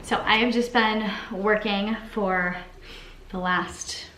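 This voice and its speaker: A woman's voice: mid-range voice, steady tone, slow. A woman chatting casually as a fitness vlogger, upbeat and chatty, often laughing. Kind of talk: casual vlog chat. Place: home kitchen, then out and about. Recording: echoey room, faint background noise.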